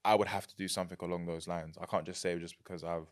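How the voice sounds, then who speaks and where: A young man with a London accent, chatting as a podcast guest, animated and quick to laugh. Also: deep voice. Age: young adult. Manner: animated, laughs easily, repeats words. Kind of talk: casual chat.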